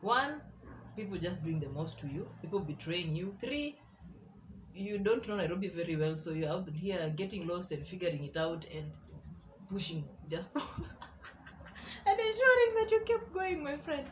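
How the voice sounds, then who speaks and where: A young woman with a Kenyan accent, telling stories in a casual vlog in an animated way, mixing in Swahili slang and laughing often. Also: lowish voice, unhurried, long pauses, a little hiss or hum. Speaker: artist and vlogger.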